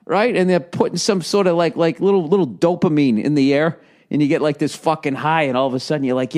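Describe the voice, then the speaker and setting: A man's voice: on the high side, fast talker, darkish tone. Profane ranting middle-aged man. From United States. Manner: profane, ranting, acts out quoted voices. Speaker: podcast host. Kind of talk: rambling comedic monologue.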